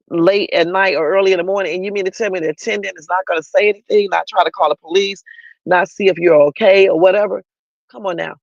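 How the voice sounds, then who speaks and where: Guy doing a casual news livestream, kinda gravelly, talks right at his viewers, dry lo-fi sound. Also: high voice, no echo. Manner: chatty and opinionated, addresses viewers directly. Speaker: livestream host.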